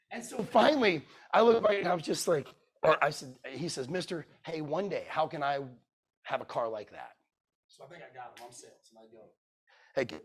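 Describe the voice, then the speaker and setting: A man's voice: a little high, husky. A middle-aged man telling a sales story at a conference, acting out every line of dialogue. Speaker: keynote speaker. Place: conference room.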